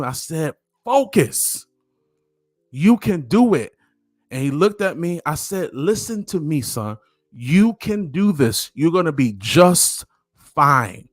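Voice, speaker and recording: A man's voice: fairly high pitch, fairly bright tone, no echo, studio quality. A middle-aged man giving an earnest motivational talk to camera, repeating phrases for emphasis, with faint music behind him. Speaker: motivational speaker.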